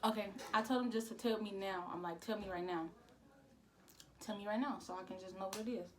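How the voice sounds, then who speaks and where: A woman's voice: mid-range voice, a little fast, over loud music. A young woman vlogger telling a casual storytime. She rambles, repeats "I'm like" and uses a lot of slang.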